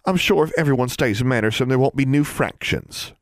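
A proper, earnest teenage girl with quaint country phrasing and a raised voice, as a man puts her on in an audiobook. Slow and careful speech, dry close sound. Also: mid-range voice, no echo, pitched above the performer's own voice, close to an everyday voice.

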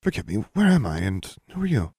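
A man voicing a gentle, confused woman who has lost her memory, speaking uncertainly in a storybook reading. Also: fairly low pitch, sing-song, a little fast, husky, no room sound, clean studio sound, pitched above the performer's own voice, heavily acted. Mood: befuddled. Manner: uncertain, befuddled.

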